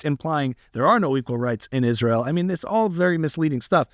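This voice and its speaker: Animated comedian guest, dry close sound. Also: male voice, fairly high pitch, brisk, no echo. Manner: animated, slips into impressions, emphatic. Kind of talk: podcast interview.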